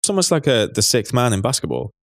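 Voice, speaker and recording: A man hosting a podcast, chatting casually in a relaxed, agreeable way and reading a listener message. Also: medium pitch, fast talker, no echo, studio quality. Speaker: podcast host.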